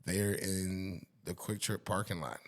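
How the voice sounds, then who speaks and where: Easygoing co-host telling stories. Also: male voice, deep voice, little pitch movement, a little slow. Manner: laid-back storyteller, says bro. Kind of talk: casual chat.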